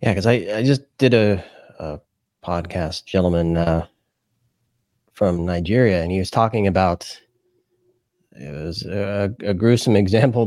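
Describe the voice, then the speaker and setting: A man's voice: deep voice, darkish tone, dry recording, clean studio sound. A man hosting a podcast, asking rambling questions with a joking edge. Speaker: podcast host. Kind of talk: casual interview talk.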